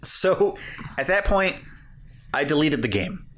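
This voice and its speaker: A man's voice: a little high, slow pace. A man co-hosting a podcast, telling a funny story in casual chat and laughing along as he goes. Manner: animated, laughs through his own story. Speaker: podcast co-host.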